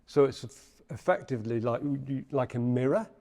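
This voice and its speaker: Speaking at a normal speed and medium pitch, this man has a Liverpool accent and comes from Liverpool, England. On a podcast as a guest, he tells a story casually and animatedly, doing the voices of the people he quotes.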